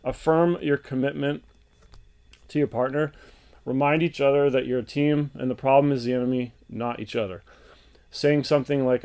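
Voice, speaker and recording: Man, earnest advice talk, mid-pitched voice, halting with ums and restarts. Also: fairly even intonation, darkish tone, clean tone. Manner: earnest, thinking aloud with fillers and restarts. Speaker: relationship advice presenter.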